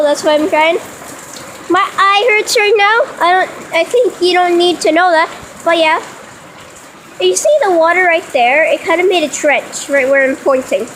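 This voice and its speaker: A very high-voiced child rambles slowly through a handheld phone vlog outdoors. The tone is sarcastic, with faint rain hissing behind the voice. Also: a bit bright, poor audio. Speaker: vlogger. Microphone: phone camera held in hand.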